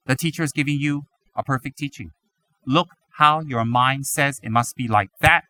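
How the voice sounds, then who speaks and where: A man giving a Buddhist teaching, animated and full of rhetorical questions, now and then mimicking other people's voices. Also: medium pitch, normal speed. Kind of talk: dharma talk.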